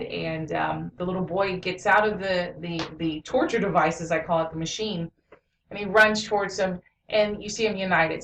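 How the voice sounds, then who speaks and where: A woman's voice: fairly low pitch, a little hiss or hum. A woman giving a casual movie review and retelling scenes with lots of "you know" fillers. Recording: roomy echo, mic at a distance.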